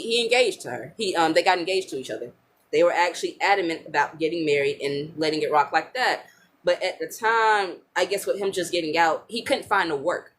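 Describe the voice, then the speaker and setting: A young woman telling a personal family story in casual talk, halting and repeating words as she goes. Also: on the low side.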